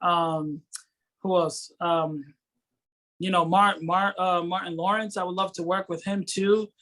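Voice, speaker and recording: High-voiced enthusiastic man from Rhode Island. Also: fairly even intonation, measured pace, a bit bright. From Rhode Island, USA. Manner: enthusiastic, rambling, searches for words. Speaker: guest actor and filmmaker. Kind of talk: casual interview chat.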